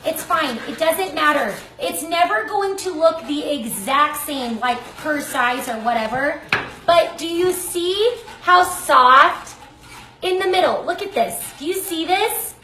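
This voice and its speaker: A very high-pitched woman with a bright, ringing voice, gushing her way through a live cooking demo. She talks in chatty, effusive bursts and keeps breaking off mid-sentence. The sound is echoey, as if picked up by a phone in a hard-walled kitchen, with a baby crying faintly behind her. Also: expressive, unhurried, a little hiss or hum. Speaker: cooking show host. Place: home kitchen.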